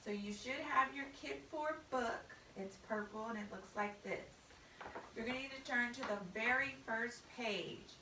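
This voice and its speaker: Woman teacher going slow through spelling, kinda far from the mic, roomy echo. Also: a little high, background noise. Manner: slow, patient, spells out letters. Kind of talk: spelling lesson for a student.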